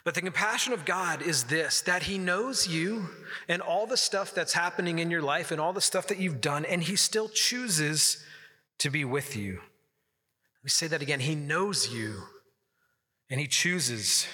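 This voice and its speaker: Speaking at a normal speed with lively intonation, this pastor has a slightly high, sharp, somewhat rough voice. His earnest sermon is conversational and full of storytelling, heard through long hall reverb.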